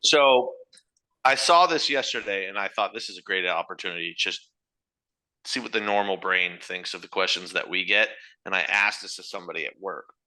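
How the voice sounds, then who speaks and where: A man co-hosting a podcast in loud, profane, ranting banter, sometimes mimicking other people. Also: low-pitched, normal speed. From Ireland. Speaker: podcast co-host.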